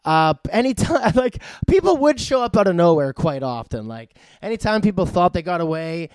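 A man's voice: sits high, sing-song, normal speed, clear, resonant tone, no room sound, studio quality. A man from Canada gives a casual, rambling movie review. He uses lots of fillers and swears in passing. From Vancouver, Canada.

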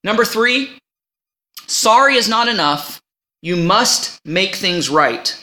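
Guy preaching a sermon, bright voice, folksy and chatty with the congregation. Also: high voice, slow pace. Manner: animated, folksy, checks in with the congregation. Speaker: pastor.

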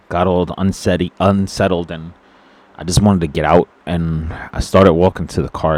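A man with a very low, deep voice talks straight to his viewers in an unscripted monologue. He is solemn and earnest, and often stops to restart his sentences or reach for words. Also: darkish tone. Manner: halting and solemn, with many fillers and restarts; earnest, sorrowful. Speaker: vlogger.

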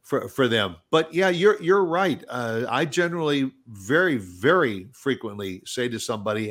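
A man's voice: medium pitch, animated, normal speed, hardly any pauses, a bit bright. A man hosting a casual conversation, agreeable, often restarting his sentences. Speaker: host. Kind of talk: casual chat.

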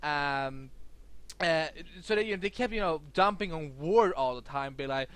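Excitable young man, high lively voice. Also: moderate pace, clear, resonant tone, no echo. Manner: excitable, rambling with many fillers and restarts. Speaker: podcast co-host. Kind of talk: casual chat.

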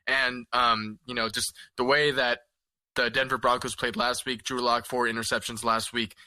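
A man co-hosting a casual sports chat, thinking out loud in a calm, measured way with plenty of fillers. His mid-pitched voice is sharp and forceful, and the recording is close and dry with no room sound. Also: dry recording. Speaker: podcast co-host.

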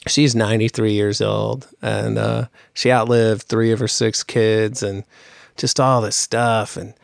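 A man co-hosting a podcast in casual chat, sad and weary, speaking haltingly with sighs. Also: on the low side, little pitch movement, gravelly, dry recording, clean studio sound. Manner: halting, sighing. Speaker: podcast co-host.

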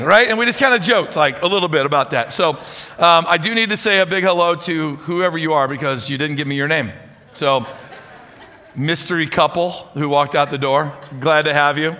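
A man preaching a sermon as pastor, chatty and energetic, speaking to a congregation. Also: high-pitched, normal speed. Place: church hall with audience. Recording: reverberant church hall.

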